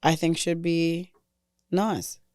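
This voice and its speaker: A woman co-hosting a podcast in casual chat, hoarse from losing her voice, relaxed and hedging with fillers. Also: lowish voice, slow, no echo, studio quality. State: hoarse, has lost her voice. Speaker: podcast co-host.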